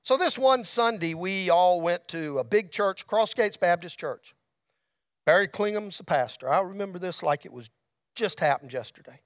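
A middle-aged man telling a testimony story in a church, folksy, dropping to a hush and rising to shouts. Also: high voice, animated, moderate pace, no room sound, studio quality. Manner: folksy storyteller, drops to a hush at tender moments, rises to shouts. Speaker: motorcycle ministry speaker. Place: church hall.

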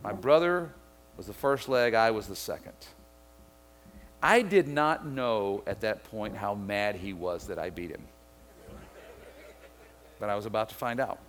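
Middle-aged pastor, sermon, storytelling delivery, faint hum in the background. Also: male voice, on the low side, unhurried, long pauses. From Mississippi. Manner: storytelling, builds to excited shouting.

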